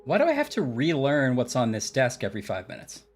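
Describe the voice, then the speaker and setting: A woman chatting casually over a video game with a friend, wry and quick to laugh. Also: rumbling low, wildly swooping pitch, a little hiss or hum. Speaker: game co-streamer. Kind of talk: casual chat over gameplay.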